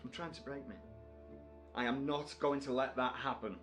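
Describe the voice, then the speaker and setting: Brief: man as a grim, quick-tempered father hunting his children's taker, game music under. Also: medium pitch, fairly even intonation, a bit bright, lightly acted. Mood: determined. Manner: snaps angrily, then apologizes. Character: desperate, short-tempered father whose children were taken. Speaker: game character.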